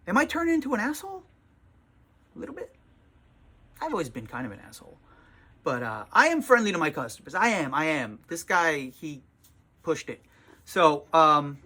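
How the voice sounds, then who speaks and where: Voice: mid-range voice, very animated, normal speed, pauses often, pushed and bright. Comic shop owner, casual vlog monologue, tired, exasperated, sarcastic, swearing, small shop indoors.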